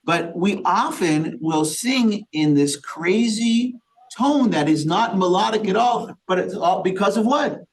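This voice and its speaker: A man's voice: sits high, expressive, unhurried. A man, a rabbi, leading an interactive Torah study class, quizzing the group with questions and using Yiddish and Hebrew terms. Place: synagogue study session with a small group.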